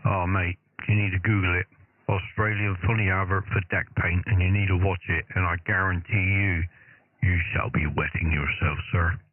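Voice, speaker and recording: A man in relaxed, matey banter on a ham radio chat. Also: sits low, moderate pace. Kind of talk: casual chat over radio. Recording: tinny noisy radio link.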